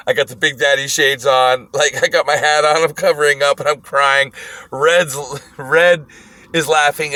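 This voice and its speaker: A man casually telling a wild story, animated and profane, often breaking into laughter. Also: on the high side, dry recording.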